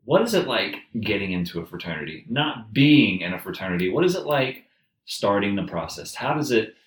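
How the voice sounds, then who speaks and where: A man's voice: lowish voice, sing-song, a little fast, distant mic. A young man co-hosting a casual podcast, joking and upbeat, laughing often. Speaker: podcast co-host. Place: room shared with two others. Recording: echoey room.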